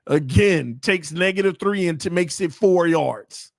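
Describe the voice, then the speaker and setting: Excitable high-voiced man calling plays. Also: measured pace, gravelly, no echo, clean studio sound. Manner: excitable, jumps between hyped play-calling and low muttering asides; casual slangy banter with viewers. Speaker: sports watch party host. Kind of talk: live game commentary and chat.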